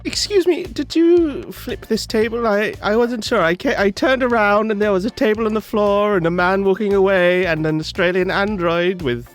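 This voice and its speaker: A man voicing a polite, confused adventurer who speaks haltingly. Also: high-pitched, faint music behind, voice pushed up, lightly acted. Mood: puzzled polite.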